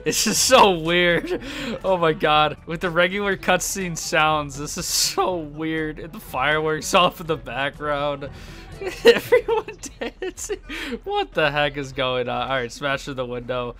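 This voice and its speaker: A young man gives let's-play commentary in a high, lively voice that swings widely in pitch. He sounds bright and edgy, laughs often and yelps when something surprises him. Faint music plays underneath. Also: measured pace. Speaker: gaming YouTuber.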